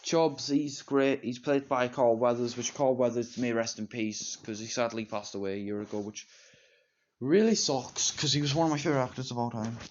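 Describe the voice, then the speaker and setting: A man's voice: medium pitch, fairly even intonation, normal speed. A teenage boy, reviewing a movie in rambling, repetitive fan talk. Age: teens. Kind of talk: casual solo movie review. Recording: dull lo-fi home recording.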